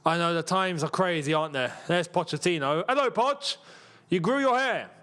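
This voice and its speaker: A man hosting a live football watchalong, chatty and rambling, with excitable bursts at the match action. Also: on the high side, normal speed. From England. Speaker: football channel host.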